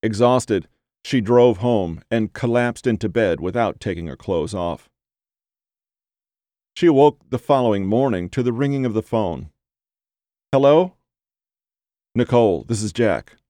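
A man with a fairly low voice reads a horror story in a measured, even way. The sound is dry and close, with no room echo. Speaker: narrator. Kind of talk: horror audiobook reading.

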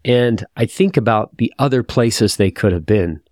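A man's voice: medium pitch, normal speed, darkish tone, no room sound, studio quality. A man teaching a scripture lesson, reading verses aloud and reflecting in a confessional, thoughtful way.

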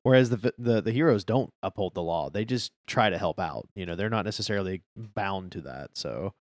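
Male podcast co-host, lowish voice, easygoing and agreeable, dry close sound. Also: animated, brisk, no room sound. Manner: easygoing, agreeable, trailing off at sentence ends. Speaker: podcast co-host discussing a manga. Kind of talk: casual chat.

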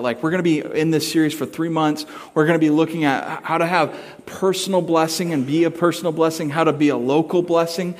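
A middle-aged man preaching a sermon, telling a personal story with acted-out voices and sound effects. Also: mid-range voice. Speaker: pastor.

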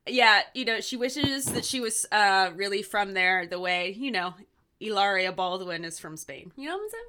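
Bright-voiced chatty woman podcaster. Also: mid-range voice, a little slow, clear, resonant tone. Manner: chatty, laughs often, warm teasing tangents. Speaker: podcast co-host. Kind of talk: casual chat.

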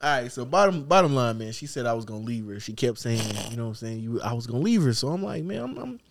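A man's voice: expressive, fast talker. A man co-hosting a casual podcast, telling a story and breaking into laughter. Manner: storytelling, laughs a lot, slips into a high put-on girl voice. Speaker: podcast co-host.

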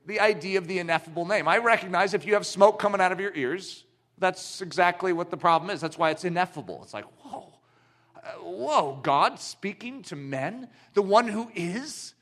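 A man preaching a sermon, emphatic and animated, full of rhetorical questions to his listeners. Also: sits high, normal speed. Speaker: pastor.

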